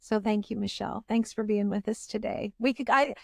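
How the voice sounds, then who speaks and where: A woman's voice: mid-range voice, a little fast, gravelly, darkish tone, no room sound, clean studio sound. A woman hosting a podcast, talking in an earnest, searching way with frequent restarts. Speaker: podcast host. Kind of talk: reflective interview chat.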